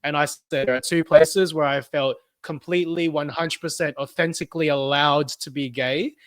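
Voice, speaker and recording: An Australian man in his thirties co-hosting a podcast, enthusiastic and full of laughter. His voice sits a little higher than average. The sound is dry and close to the mic. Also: steady tone, moderate pace, no room sound. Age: 30s. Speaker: podcast co-host. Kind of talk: casual chat.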